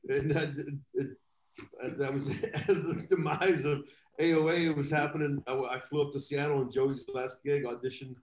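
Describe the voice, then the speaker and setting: A man telling rambling, animated anecdotes as a guest in a live video chat. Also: on the high side, moderate pace, roomy sound, slight background noise, poor audio. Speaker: guest drummer. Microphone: video call.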